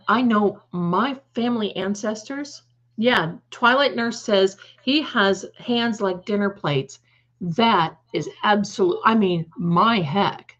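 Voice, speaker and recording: A woman hosting a live stream, chatting casually in a rambling, emphatic way and often correcting herself mid-sentence. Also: mid-range voice. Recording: dull lo-fi stream audio.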